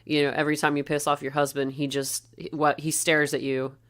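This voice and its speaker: A woman with a low-pitched voice co-hosts a casual podcast about a film. She retells scenes and slips into brief voiced quotes of the characters as she goes. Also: little pitch movement, a little fast, a bit bright. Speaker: podcast co-host. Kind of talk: casual film-discussion chat.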